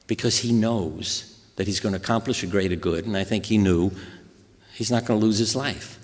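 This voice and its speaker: An older American man giving a talk to an audience, telling stories in an animated, anecdotal way. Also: lowish voice, brisk. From USA. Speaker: guest speaker. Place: hospital auditorium. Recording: echoey hall reverb.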